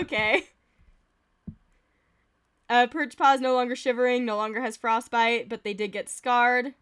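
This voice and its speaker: Giggly high-voiced woman streamer. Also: steady tone, fairly bright tone, clear, resonant tone. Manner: giggly, reads events aloud quickly, laughs often. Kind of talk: casual game commentary.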